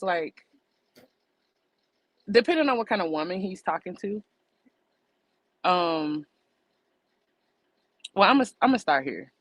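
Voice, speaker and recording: Blunt bright-voiced woman podcaster. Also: mid-range voice, no echo, low-quality recording. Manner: blunt, emphatic, breaks points into numbered lists. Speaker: podcast co-host. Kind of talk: casual opinionated chat.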